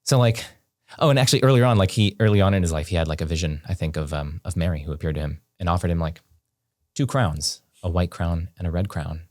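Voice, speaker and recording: A man guest on a podcast, telling a story in casual conversation, animated and full of "like" and "um". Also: low-pitched, quick pace, no room sound, studio quality. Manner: animated, heavy on fillers like "like" and "um".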